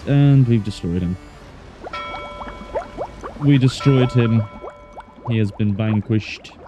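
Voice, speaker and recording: A man's voice: fairly low pitch, slow pace, over music. A man streaming a game with casual, playful, self-mocking chat in a put-on Australian accent. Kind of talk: casual gameplay commentary.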